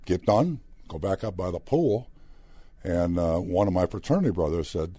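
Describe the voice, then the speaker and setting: Deep-voiced older man telling old stories. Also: expressive, moderate pace, warm tone, slightly rough, no room sound. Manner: chatty anecdotal storyteller who acts out quoted dialogue. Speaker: former player, broadcaster guest. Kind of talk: storytelling interview.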